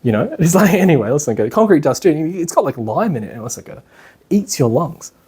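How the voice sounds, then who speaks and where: Animated Australian man telling stories. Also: on the high side, brisk, breathy edge. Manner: chatty, animated, many fillers. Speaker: lecturer. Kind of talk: casual lecture with storytelling. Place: class in a meeting room.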